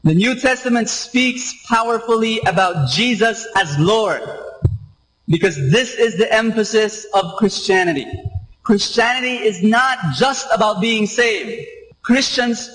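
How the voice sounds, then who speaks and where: A man's voice: high voice, unhurried, fairly bright tone, rough recording. A man preaching a sermon, emphatic and repetitive, asking the congregation rhetorical questions. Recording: radio live stream.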